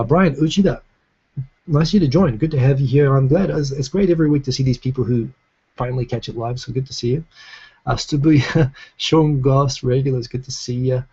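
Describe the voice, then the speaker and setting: A man's voice: medium pitch, vocal fry, dark tone, breathy edge, highs cut off. A man from New Zealand with a New Zealand accent, hosting a casual live stream, chatting and reading out viewer comments in a rambling way with many restarts. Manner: rambling, frequent restarts and fillers. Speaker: live stream talk show host. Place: home in Tokyo.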